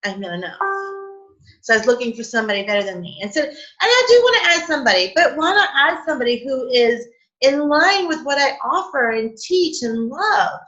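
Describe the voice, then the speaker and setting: A woman's voice: sits high, very animated, brisk, fairly bright tone. A woman hosting a casual spiritual chat, talking with heartfelt emotion and many fillers, laughing and close to tears. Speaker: host of a spiritual coffee chat. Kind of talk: casual heartfelt talk to a live group. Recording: dull lo-fi stream audio.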